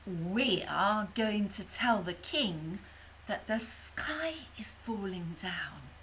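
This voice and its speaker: A woman voicing a silly, panicky female chicken with a shrill, breathless, alarmed manner. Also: animated, very slow, a bit bright, a little hiss or hum, exaggerated voice, poor audio. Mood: earnest.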